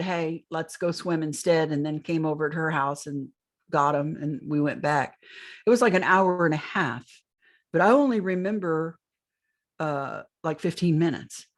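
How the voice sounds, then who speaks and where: An older woman with a deep voice, appearing as a guest on a podcast interview, tells a long first-person story about a strange experience. She rambles and keeps restarting her phrases.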